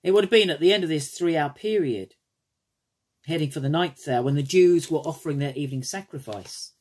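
Husky man preaching a sermon. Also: fairly quick. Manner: expressive preaching with wide pitch swings, dropping soft at phrase ends.

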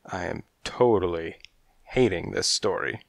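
A man reading an audiobook and voicing a tough, hot-tempered male street cat, gruff and irritable. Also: low voice, measured pace, dry recording, studio quality. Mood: irritated. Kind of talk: audiobook character voice.

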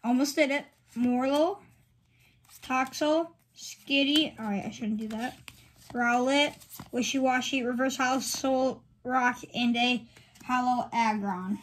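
A woman with a high, light voice talks at an unhurried pace through a casual commentary. She reads off names one at a time in short, clipped phrases, like a running checklist. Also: steady tone, a little hiss or hum. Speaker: channel host. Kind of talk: casual card-opening commentary.

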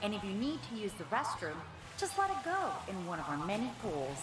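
A cheerful water park announcer. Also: female voice, mid-range voice, huge pitch swings, brisk, roomy sound, crowd noise, poor audio. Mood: upbeat. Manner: upbeat public announcement.

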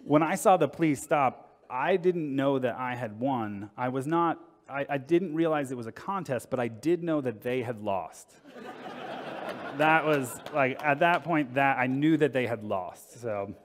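A man's voice: mid-range voice, unhurried. A man giving a humorous storytelling talk at a conference, casual and wry, acting out quotes as he goes. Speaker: conference speaker. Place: conference hall. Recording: long reverb in a conference hall.

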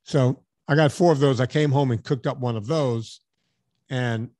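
A man's voice: mid-range voice, moderate pace, dry recording. A man hosting a podcast, telling a story in casual chat and acting out the dialogue, with some casual swearing. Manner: animated storyteller, acts out dialogue. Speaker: podcast host.

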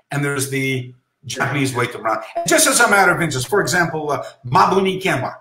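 Animated man telling a story, bright voice. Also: fairly high pitch, reverberant, poor audio. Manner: animated, acts out remembered dialogue; drops Japanese terms into speech. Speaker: karate master. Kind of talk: anecdotal storytelling.

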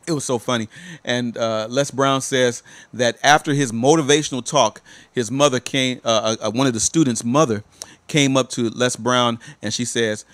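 A man's voice: mid-range voice, fairly even intonation, normal speed, a bit bright. A male life coach giving a motivational, sermon-like talk, emphatic and repetitive as he urges listeners on. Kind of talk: motivational preaching.

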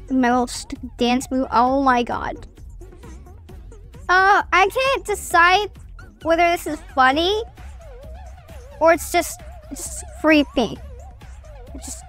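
Young woman gaming streamer, high bright voice, chatty and excitable, with faint game music behind her. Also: slow pace, long pauses. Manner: chatty, excitable, self-mocking. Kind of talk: casual gameplay commentary.

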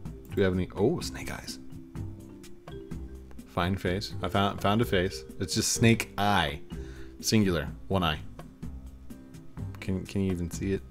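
A man's voice: low-pitched, unhurried, long pauses, music in the background. A young man hosting a gaming video, casually commenting on camera filters in a playful, rambling, self-mocking way. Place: warm home studio.

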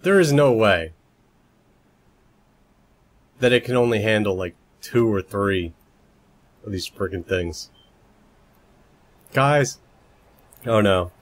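Speaking slowly with long pauses, a man with a lowish, expressive voice live streams a video game from his home room, his roommate asleep close by. He chats and mutters to himself, now and then breaking into playful shrieks.

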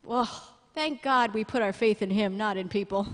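A woman pastor preaching a sermon in a church, lively and humorous, with asides to the congregation. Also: mid-range voice, normal speed, in a large hall. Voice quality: blind, jokes about herself.

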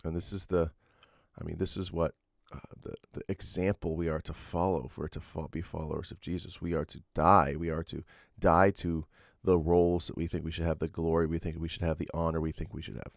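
Low-voiced preacher in a dry room. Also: male voice, flat delivery, brisk, vocal fry, dry recording. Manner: earnest, explanatory, with frequent fillers and restarts. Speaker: pastor. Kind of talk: sermon.

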